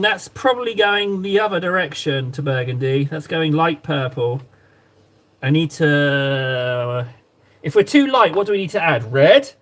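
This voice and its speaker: A man's voice: fairly high pitch, a bit bright. A man live-streaming as he paints miniatures, chatting playfully and rambling to his viewers. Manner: playful, rambling, talks to chat while painting. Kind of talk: casual live-stream chat.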